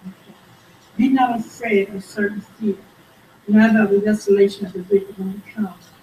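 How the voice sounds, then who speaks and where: A woman leading a Bible study, animated and calling for amens as she reads scripture. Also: medium pitch, normal speed, slight background noise. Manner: animated, calls for amen, reads scripture aloud. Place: church room. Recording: roomy, distant mic, faint background.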